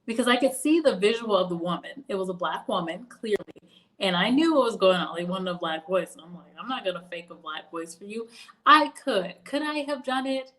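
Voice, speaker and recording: A woman's voice: medium pitch, animated, fairly quick, a bit bright. A young woman hosting a casual livestream, chatting about careers with frequent laughs and storytelling asides. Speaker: career video host.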